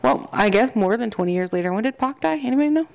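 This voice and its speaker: A woman's voice: medium pitch, expressive, fast, vocal fry, a little mellow. A young adult woman co-hosting a podcast, chatting casually in a blunt, jokey, profane way. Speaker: podcast co-host. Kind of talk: casual chat.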